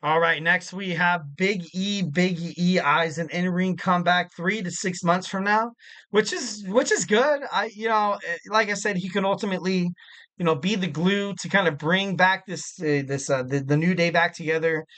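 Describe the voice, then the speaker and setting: A man's voice: high-pitched, moderate pace, sharp tone. A man in his thirties hosting a casual solo podcast, rambling with lots of "you know" fillers. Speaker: podcast host.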